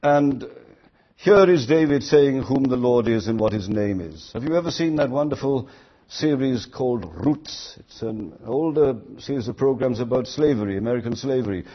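Husky and slightly rough, an older male preacher's medium-pitched voice carries an earnest, expressive sermon at normal speed, rising for emphatic quoted lines. The recording is dull and lo-fi.

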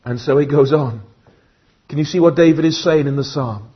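A preacher delivering an earnest sermon to a congregation. He often says "uh" and repeats words, then slows and softens as he reads scripture aloud. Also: on the high side, slightly rough, lo-fi sound. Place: church.

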